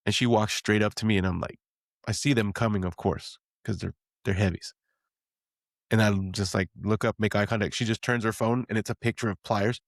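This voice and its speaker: A man's voice: lowish voice, steady tone, a little fast, no echo, studio quality. A man co-hosting a podcast, telling joking, profane stories in casual banter.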